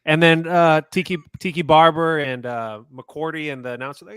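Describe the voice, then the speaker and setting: A man co-hosting a sports podcast, talking in an animated, indignant way in casual chat. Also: a little high, moderate pace, clear, resonant tone, no room sound. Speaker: podcast co-host.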